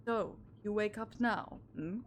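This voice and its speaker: Woman putting on a gruff Russian sailor. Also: mid-range voice, unhurried, noisy background, lightly acted. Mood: menacing. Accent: put-on Russian. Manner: stern, broken grammar, loud. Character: gruff male Russian ship crewman, accusing. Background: game music.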